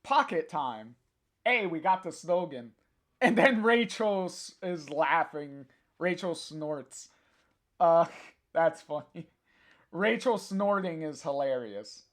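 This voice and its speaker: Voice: medium pitch, expressive, slow, a bit bright. A live-stream host casually reading a comic aloud and chatting with viewers, stumbling through many fillers and restarts. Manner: hesitant, full of filler sounds and restarts; chats directly to a viewer in the live chat.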